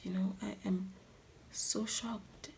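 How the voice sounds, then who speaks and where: A woman with a South African accent, telling a dramatic story time while doing her makeup, often dropping to a soft near-whisper. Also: mid-range voice, steady tone, takes it slowly, creaky, a little hiss or hum. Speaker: YouTuber.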